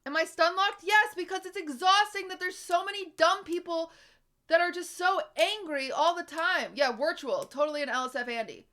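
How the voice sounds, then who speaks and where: Bright high-voiced exasperated woman streamer. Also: moderate pace. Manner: exasperated, profane, emphatic. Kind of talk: ranting at live chat.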